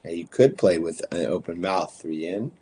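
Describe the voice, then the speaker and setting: A man guiding a breathing practice, calmly counting breaths and giving short instructions. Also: low-pitched, moderate pace, breathy edge. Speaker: breathwork guide.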